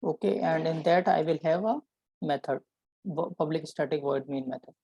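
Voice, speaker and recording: A man teaching a programming lesson, explaining step by step and often checking in with a quick "right?". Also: a little high, dark tone, slightly rough, dry recording, poor audio. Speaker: programming instructor. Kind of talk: live coding lesson.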